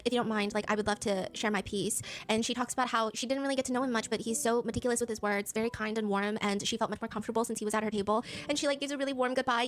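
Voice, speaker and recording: A woman races through a casual story recap in a slightly high voice. She is animated and slips into the voices of the people she describes. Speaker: host recapping a dating show.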